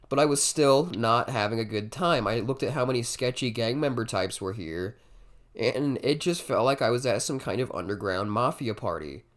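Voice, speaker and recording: A man in his twenties telling a comic story in a casual, swearing storytime style, jumping suddenly from muttered asides to loud bursts. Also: mid-range voice. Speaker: comedy storyteller. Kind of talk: comedic storytime monologue.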